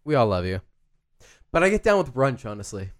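A man's voice: medium pitch, big pitch swings, fairly quick. A man co-hosting a podcast, chatting casually and teasing his friends with frequent laughter. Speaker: podcast co-host. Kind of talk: casual chat.

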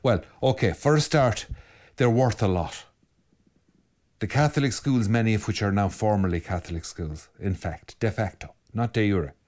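A man's voice: lowish voice, moderate pace. A man who is a priest, with an Irish accent, bluntly answering listener comments, reading each one aloud before giving his frank reply. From Ireland. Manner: blunt, animated, reads comments aloud then answers them.

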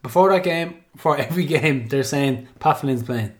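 A man's voice: medium pitch, moderate pace. Irish man hosting a football chat. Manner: conversational, emphatic, laughs along. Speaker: podcast host. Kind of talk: casual chat.

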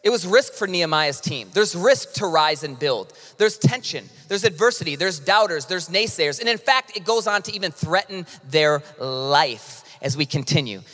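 A male pastor preaching a sermon with impassioned delivery, swinging from quiet to loud emphasis. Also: a little high, animated, moderate pace, few pauses, faint music behind. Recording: long hall reverb.

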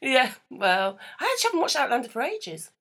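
A woman's voice: sits high, very animated, brisk, bright, forceful tone, husky. A middle-aged woman co-hosting a podcast, dry and self-deprecating, laughing a lot in casual chat. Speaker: podcast co-host.

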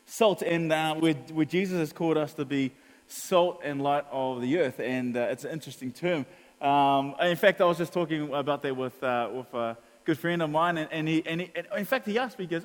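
A pastor from New preaches in a relaxed, storytelling way. He acts out conversations and laughs along the way. His voice sits a bit high, and it rings out in a hall with long reverb. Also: fairly quick. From New Zealand. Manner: chatty storytelling, acts out dialogue, laughs often. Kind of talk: sermon.

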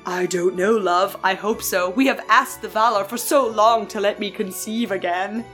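A woman voicing a gentle, hopeful male elf husband while reading fanfiction aloud. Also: medium pitch, steady tone, normal speed, soft background music, natural voice. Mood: wistful.

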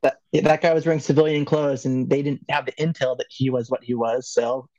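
A man's voice: mid-range voice, flat delivery, brisk, dark tone, no room sound, highs cut off. A man from Los Angeles, a podcast guest, telling a story in a loose, joking way, laughing often and swearing. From Los Angeles, California. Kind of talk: casual storytelling.

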